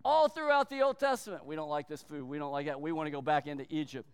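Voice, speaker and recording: A man preaching a sermon with a high, clear, smooth voice. He speaks emphatically, stretching key words and slipping into quick acted-out quotes. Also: in a large hall. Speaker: pastor.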